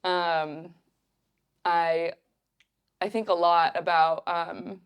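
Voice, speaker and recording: Young woman rambling through a hiking story, lots of likes and ums, lowish voice. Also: fairly quick. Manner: animated, acts out quotes, many fillers. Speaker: podcast guest. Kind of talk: casual storytelling.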